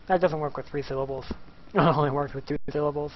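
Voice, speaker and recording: A man's voice: a little high, fairly even intonation, fast, dull audio, a little hiss or hum. A man casually commenting on a game he plays, joking and chanting little repeated words. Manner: playful, jokey, sings little chants. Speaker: gameplay commentator. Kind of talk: casual let's-play commentary.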